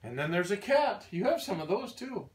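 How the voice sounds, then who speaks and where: An older man reads a picture book aloud to his baby grandson at home. His sing-song delivery swoops widely in pitch and he throws in playful animal noises. He sounds a little distant from the mic. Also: big pitch swings, moderate pace.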